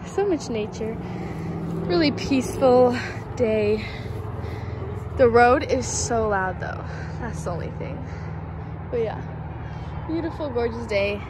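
Young female vlogger, high and chatty, phone mic outside with traffic noise. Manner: bubbly, chatty. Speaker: skate vlogger. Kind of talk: casual vlog narration. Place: outdoors near a loud road. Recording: outdoor phone audio with road noise.

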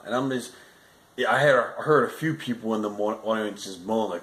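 A man's voice: on the low side, a little fast, reverberant, rough recording. A man giving a casual, rambling spoken movie review, often restarting sentences and adding frustrated asides.

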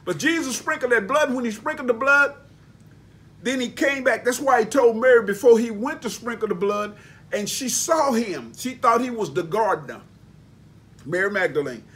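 A man's voice: very high-pitched, animated, normal speed, fairly bright tone. A man preaching a sermon, emphatic and folksy, spelling out words for emphasis. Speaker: pastor.

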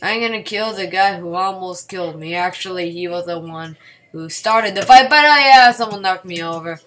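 Excitable woman yelling through gameplay commentary. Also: lowish voice, normal speed. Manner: excitable, yelps and repeats words when panicking. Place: home computer desk at night.

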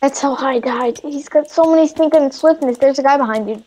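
A woman chatting while gaming, playfully putting on an accent with broken English and drawn-out teasing lines. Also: high voice, dark tone, low-quality recording. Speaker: gamer. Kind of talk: casual gaming chat.

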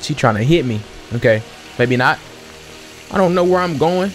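A young man with a slightly high voice gives casual let's-play commentary, excitable and full of slang as he narrates his own moves. He sounds a bit sniffly, and faint game music plays underneath. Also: moderate pace. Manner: excitable, slangy, talks to himself and viewers while playing. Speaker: gaming channel host.

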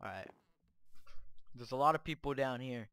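A man hosting Minecraft gameplay commentary on a cheap microphone, excitable and boastful, trash-talking as he plays. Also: mid-range voice, normal speed, a little hiss or hum. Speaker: gaming channel host.

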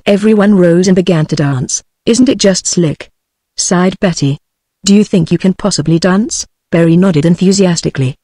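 A woman's voice: on the low side, dry recording, studio quality. Synthetic British woman reading a book. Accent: British English. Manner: even, measured synthetic reading. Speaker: audiobook narrator. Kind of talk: text-to-speech book reading.

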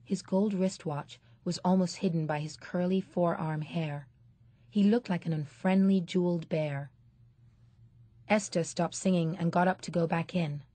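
A woman narrating an audiobook in a measured, steady storytelling manner. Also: fairly low pitch, dry recording. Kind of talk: scripted narration.

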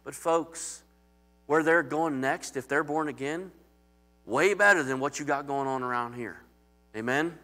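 A man's voice: on the high side, a little slow, bright, forceful tone. A man preaching as pastor in a conversational, emphatic sermon that calls out to the congregation.

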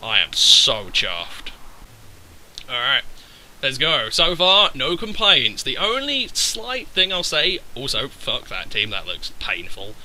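A young man calling his own football game match as he plays, with a high, very bright, cutting voice. He swears freely and leaps from low mutters to loud yells, his pitch swinging wildly all over. A faint hiss of noise sits under him. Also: a little slow, low-quality recording. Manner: excitable and sweary, yelling at his players. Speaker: gaming YouTuber. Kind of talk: live gameplay commentary.

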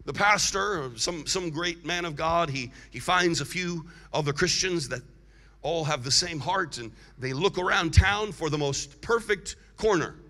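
A man preaching a sermon as guest evangelist, leading the congregation in call-and-response and building to loud, emphatic shouts. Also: high-pitched. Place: large church hall. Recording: long hall reverb from a large church.

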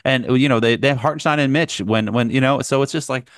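A man co-hosting a sports podcast, excitedly ranting as a hyped fan, tired and short on sleep. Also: mid-range voice, no room sound, clean studio sound. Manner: excited, ranting, fast bursts. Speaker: podcast co-host, Knicks fan. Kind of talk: casual sports chat.

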